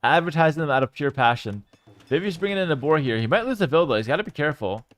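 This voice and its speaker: A young man casting a strategy game live on stream, his voice rising and falling a lot as he flips between calm chat with viewers and excited play-by-play. He is a bit high for a man and sits close to a dry, tight desk mic. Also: fast talker, no echo. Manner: chatty, reacts to chat, bursts of excitement.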